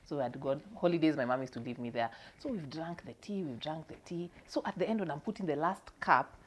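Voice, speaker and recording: A woman's voice: sits low, fast, slight background noise. A young woman with a Kenyan accent, chatting as co-host and telling family stories with frequent laughter, slipping Swahili words into her talk. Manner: animated storyteller, laughs often, mixes in Swahili words. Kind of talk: casual chat.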